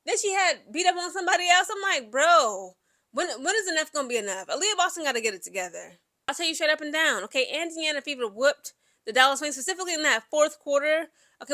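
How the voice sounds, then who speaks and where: A high, bright woman's voice with a lilt, rambling through a game recap. She keeps piling on asides and fillers as she talks. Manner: chatty, animated, lots of fillers and asides. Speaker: sports commentary vlogger. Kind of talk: casual sports recap chat.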